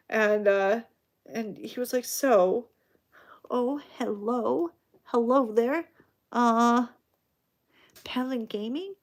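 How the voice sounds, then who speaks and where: A woman in her forties, a radio show host, telling a rambling story in casual chat and acting out the dialogue. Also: mid-range voice. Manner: rambling, animated, acts out quoted dialogue.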